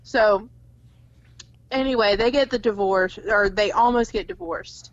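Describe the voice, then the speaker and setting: A young woman co-hosting a casual podcast about a film, animated and swearing freely. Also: medium pitch, unhurried, dry recording, dull audio. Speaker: podcast co-host.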